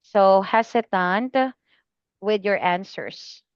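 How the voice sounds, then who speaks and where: A woman tutoring a student in speaking, patient and slow, repeating the student's name often. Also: mid-range voice, clean tone, dry recording, dull audio. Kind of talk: one-on-one online lesson feedback.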